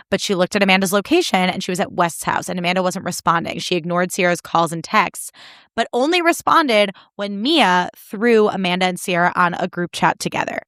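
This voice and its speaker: A young woman hosting a solo podcast, recapping reality TV in animated, indignant, sarcastic talk with plenty of swearing. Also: on the low side, no echo, clean studio sound. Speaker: podcast host.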